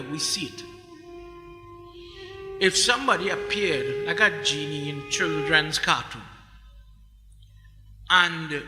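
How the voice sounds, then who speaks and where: A man preaching a sermon as a pundit, animated and repeating phrases as he goes. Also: sits high. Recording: echoey hall with music behind.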